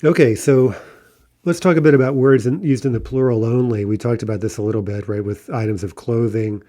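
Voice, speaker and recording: Guy teaching grammar, dark mellow voice, lots of "right?" and uh's, walks through examples. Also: mid-range voice, a little fast. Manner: explanatory, frequent "right?" checks and fillers. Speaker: language teacher. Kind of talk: recorded grammar lesson.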